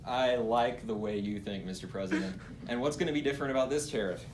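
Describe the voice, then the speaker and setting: A young man playing a fawning, flattering cabinet secretary in an amateur comedy skit, gushing and breaking into laughter. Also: mid-range voice, quick pace, echoey room, distant mic, close to an everyday voice. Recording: noisy amateur recording.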